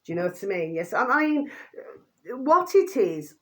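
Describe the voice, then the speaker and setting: Woman, chatty rambling commentator who keeps checking in with her viewers. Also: sing-song. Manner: rambling, full of fillers and repeated tag questions; drops pet phrase "my delicious babies" in a quick low aside. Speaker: vlogger commenting on videos.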